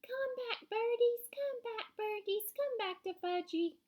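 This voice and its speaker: A woman voicing an excitable toddler boy in a children's storybook reading, with a squealing, babyish voice. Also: very high voice, slow, pitched above the performer's own voice. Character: excitable toddler boy who loves birds.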